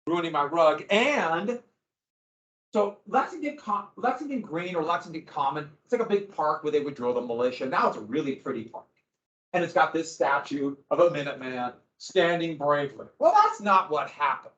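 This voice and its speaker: A man teaching a history class, lecturing in an animated way with asides and acted-out quotes. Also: fairly high pitch, moderate pace. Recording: roomy, dull lo-fi classroom recording.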